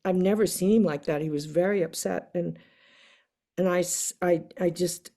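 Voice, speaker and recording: Woman, interview guest, low-ish speaking voice, animated storyteller who acts out quoted people. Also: moderate pace. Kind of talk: casual storytelling in a sit-down interview.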